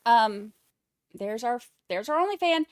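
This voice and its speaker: A woman's voice: fairly high pitch, lively intonation, unhurried, dry recording, clean studio sound. A young woman with a Southern US accent hosting a casual livestream, chatting loosely and reading viewer comments aloud. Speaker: livestream host.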